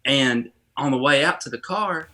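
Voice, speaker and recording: A man co-hosting a church podcast, telling a childhood story in a lively, chatty way with many restarts. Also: medium pitch, normal speed. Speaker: podcast co-host. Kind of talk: casual storytelling chat.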